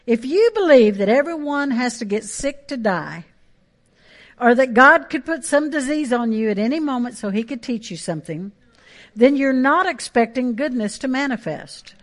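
A woman's voice: fairly high pitch, expressive, moderate pace. A woman pastor, preaching a sermon with emphatic, repeated phrases.

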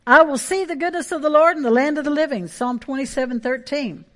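High-voiced woman preaching. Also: brisk. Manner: emphatic preaching with repeated phrases. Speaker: pastor. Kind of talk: sermon.

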